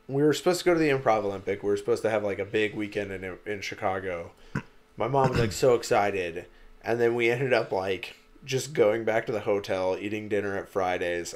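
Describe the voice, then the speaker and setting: Young man, podcast co-host, swings his pitch around, animated storytelling, swears a lot. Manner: animated storyteller who acts out quotes, swears freely. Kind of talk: casual chat.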